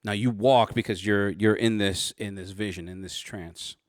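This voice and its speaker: A man narrating a tabletop role-playing game as game master, describing scenes in halting, restarting sentences. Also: lowish voice, fairly even intonation, no echo, studio quality.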